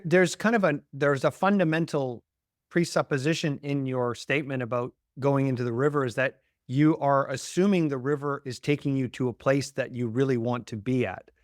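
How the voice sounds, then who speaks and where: A man's voice: medium pitch, no room sound, studio quality. Reflective male podcast host. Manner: reflective, searching for words, uses "you know" and "like". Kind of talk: conversational interview.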